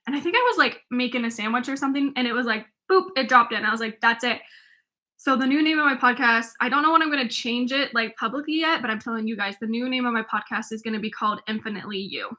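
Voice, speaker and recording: High, bright-voiced young woman coach. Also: fast talker. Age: 20s. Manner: rambling, filler-heavy, with many restarts. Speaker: life coach and podcast host. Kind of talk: casual solo podcast monologue.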